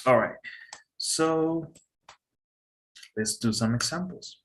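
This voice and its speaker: A man's voice: on the high side, animated, takes it slowly, low-quality recording. A man teaching an English lesson, casual and checking in often with short prompts. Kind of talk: casual tutoring.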